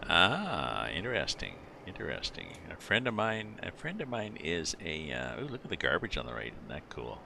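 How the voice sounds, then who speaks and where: Very deep, gravelly middle-aged man. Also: wildly swooping pitch, moderate pace, few pauses, bright, forceful tone. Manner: rambling, thinks aloud with many fillers. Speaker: livestreamer playing a driving game. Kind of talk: casual chat with live viewers. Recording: game vehicle noise underneath. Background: truck engine and road sounds from the game.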